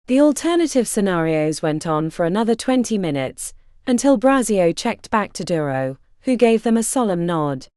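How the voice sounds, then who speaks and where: A woman narrating an audiobook in an expressive, animated way. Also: mid-range voice, moderate pace, smooth, no room sound, studio quality.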